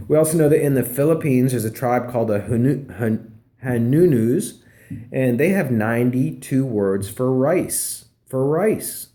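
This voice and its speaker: A man's voice: medium pitch, lively intonation, unhurried, mellow. A man, a professor, giving a conversational recorded lecture with fillers and emphatic repeats. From Pennsylvania.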